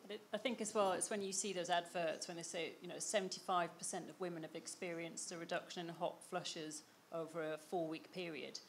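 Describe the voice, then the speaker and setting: A woman speaking quietly as a panelist, a little away from the mic. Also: lowish voice, fairly even intonation, brisk, few pauses, slight background noise. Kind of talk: panel discussion.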